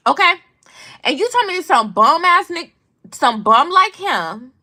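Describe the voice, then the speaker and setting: Lively, bright-voiced woman telling stories. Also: very high voice, unhurried. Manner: animated, blunt, slangy and profane. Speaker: vlogger commenting on news. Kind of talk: casual storytelling commentary.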